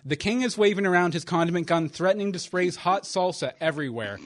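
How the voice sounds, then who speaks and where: A man's voice: high-pitched, lively intonation, fast talker. A man hosting a podcast in casual chat, rambling and chuckling as he corrects himself. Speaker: podcast host.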